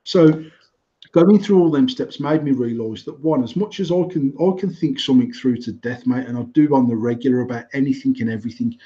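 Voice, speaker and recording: A man's voice: mid-range voice, brisk, dark tone, lo-fi sound. A man in his forties from England, a company director co-hosting a podcast, talking bluntly with lots of swearing and restarts. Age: 40s. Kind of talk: casual chat.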